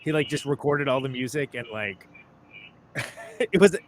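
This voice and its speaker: A male podcast host with a lively, up-and-down voice that swings between pitches as he jokes around with his guest. His speech is casual and laid-back, and faint room sound hangs behind him. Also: unhurried, slight background noise. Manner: laid-back, joking, chatty. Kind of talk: casual music chat.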